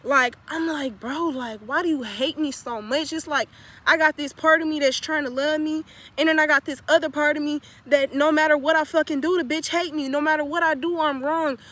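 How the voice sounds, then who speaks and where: A woman's voice: high-pitched, fairly even intonation, a little fast, a bit bright. A young woman telling a confessional story in a blunt, profane, emphatic way that repeats phrases for weight. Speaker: spiritual vlogger.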